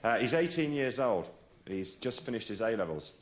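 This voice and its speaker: A man's voice: mid-range voice, big pitch swings, normal speed. A man compering a comedy night, introducing acts with chatty, jokey asides. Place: comedy club stage. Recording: echoey club with loud crowd and noise.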